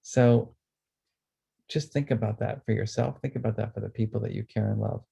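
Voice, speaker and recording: A man presenting a webinar on emotions, speaking earnestly and then guiding listeners through a calm, slow breathing exercise. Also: on the low side, creaky, slightly rough.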